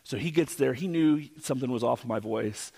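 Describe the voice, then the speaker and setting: A male pastor telling a personal story in a sermon, animated and vivid. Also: fairly quick, vocal fry, slightly rough. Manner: animated storyteller, rising pitch in tense moments. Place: church sanctuary. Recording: long church hall reverb.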